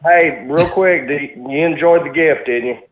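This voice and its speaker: A man's voice: on the high side, moderate pace. A man from Birmingham, Alabama, with a Birmingham, Alabama accent, calling in for an easygoing, polite chat. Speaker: caller. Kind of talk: casual phone chat. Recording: tinny phone line.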